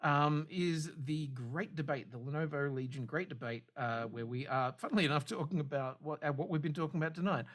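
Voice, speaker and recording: Man, podcast co-host, somewhat high voice, rambling, hesitant, dry humor. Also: brisk, few pauses. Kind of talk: casual podcast chat.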